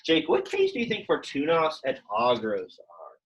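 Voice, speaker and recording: A man's voice: fairly high pitch, huge pitch swings, moderate pace, lo-fi sound. A young man teaching a Latin class, explaining grammar in a chatty, informal way full of fillers, speaking to a classroom and online students. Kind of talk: classroom lesson, casual explaining.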